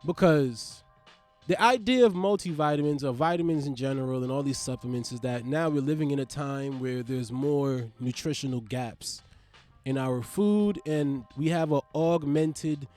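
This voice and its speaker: A man's voice: moderate pace, faint music behind. A young man, hosting a podcast in a loose, profane comedic monologue full of sudden swings in volume. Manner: loose, profane, riffing with big swings in pitch and loudness. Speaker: podcast host.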